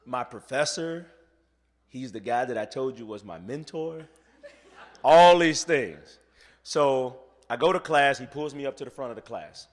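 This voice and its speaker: A man giving a motivational keynote speech, telling a story and acting out the voices of the people in it, going from soft to loud. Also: mid-range voice, normal speed, long reverb tail. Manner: acts out quoted voices. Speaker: motivational speaker.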